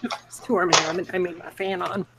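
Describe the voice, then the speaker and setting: A woman's voice: fairly low pitch, fairly even intonation, fast, very noisy. A woman chatting as a player before a tabletop game, with lots of fillers.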